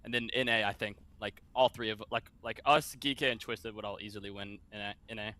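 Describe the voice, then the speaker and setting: A man, a professional player, out of breath in a post-match interview, talking fast with lots of fillers. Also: fairly low pitch, fairly even intonation, sharp tone. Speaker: pro player.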